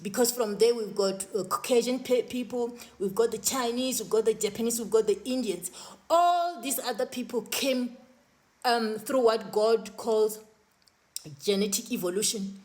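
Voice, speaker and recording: A woman's voice: fairly high pitch, moderate pace, darkish tone. A woman earnestly recounting her spiritual visions to camera, often restarting and repeating words. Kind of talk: personal testimony to camera.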